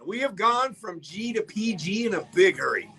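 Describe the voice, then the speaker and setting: A man's voice: sits high, lively intonation, normal speed, vocal fry, music in the background. A man hosting a live behind-the-scenes radio stream, chatting and joking with viewers as he reads their comments. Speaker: radio host reading viewer comments on a livestream.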